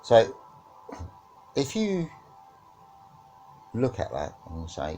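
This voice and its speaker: A man's voice: lowish voice, huge pitch swings, slow, warm tone, soft background music. A man teaching about witchcraft and spirituality in a reflective discussion, often checking in with "right?" and "yeah?".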